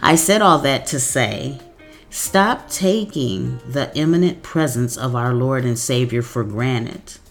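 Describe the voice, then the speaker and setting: A woman giving a devotional message, reading scripture verses slowly and deliberately. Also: a bass voice, lively intonation, faint music behind. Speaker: devotional speaker.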